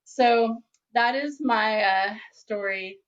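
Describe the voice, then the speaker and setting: A woman's voice: fairly high pitch, slow, a little hiss or hum. Rambling woman storyteller, muffled sound. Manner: candid, rambling, self-correcting with fillers. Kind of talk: personal storytelling.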